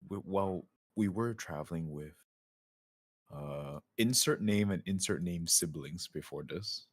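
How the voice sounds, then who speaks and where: Man player, very low voice, dry close sound, talks through his character's reasoning. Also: unhurried, husky, no room sound. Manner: explains at length, drops to a whisper in character. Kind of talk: casual tabletop role-play chat.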